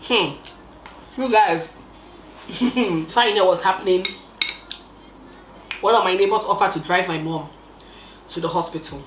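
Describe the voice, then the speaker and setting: A young woman telling a storytime with expressive, dramatic emphasis, drawing out key words. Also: lowish voice, normal speed, pauses often, echoey room, slight background noise, poor audio. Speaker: vlogger. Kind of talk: casual storytime.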